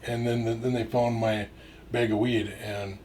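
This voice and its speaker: A middle-aged man with a lowish voice tells a casual story. He rambles, restarts his sentences and swears freely. The mic sits well away from him, with a faint hiss underneath. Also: level tone, a little slow, a little mellow. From Minnesota. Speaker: storyteller guest. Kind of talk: casual anecdote. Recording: distant mic with faint noise.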